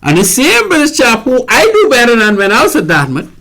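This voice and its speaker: Animated older Bahamian man on radio. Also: extremely high pitch, a little fast. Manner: emphatic, repeats words while searching, indignant. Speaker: radio show host. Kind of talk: radio talk show monologue.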